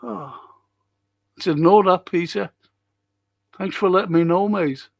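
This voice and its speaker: Hosting a football fan live stream, a man reads viewer comments aloud and replies, rambling off topic in a chatty way with the occasional swear word. His voice is high with vocal fry, his pace measured, and there's no echo.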